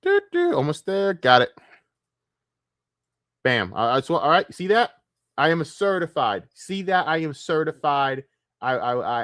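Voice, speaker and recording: A man streaming, reacting to clips with profane, mocking rants, swinging between loud outbursts and low muttering. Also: dry recording, studio quality. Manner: shifts between shouting and muttering.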